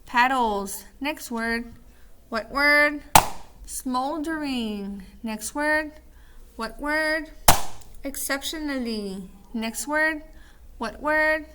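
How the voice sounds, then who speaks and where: A woman's voice: high voice, extremely slow, heavy background noise. A woman teacher running a call-and-response word drill, then reading a story aloud with small slips and restarts.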